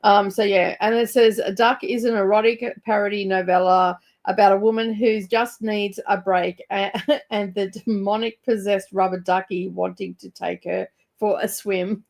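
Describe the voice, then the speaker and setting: A woman's voice: mid-range voice, steady tone, moderate pace, creaky, a little mellow. Giggly woman chatting on stream. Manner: chatty, giggly, greets chat by name. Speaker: book club livestream host. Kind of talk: casual livestream chat.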